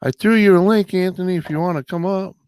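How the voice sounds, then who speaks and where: A smooth, slightly high-pitched man hosts a casual late-night chat, drawling along and calling out viewers by name. He sounds like he's coming down with a cold. The mic is close and dry. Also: fast, a little mellow, dry recording. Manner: laid-back, drawling, greets viewers by name. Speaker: live stream host.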